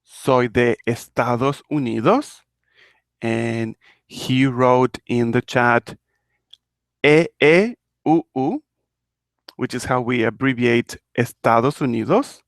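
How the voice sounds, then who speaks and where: A man's voice: medium pitch, slow, no echo, clean studio sound. A man from Argentina teaching a live online Spanish lesson, explaining patiently and repeating each example phrase.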